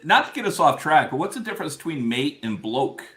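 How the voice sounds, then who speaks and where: A man's voice: fairly high pitch, very animated, a little fast, echoey room, background noise. An American man co-hosting a casual chat, joking and poking fun at himself. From United States. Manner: joking, self-mocking. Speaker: co-host.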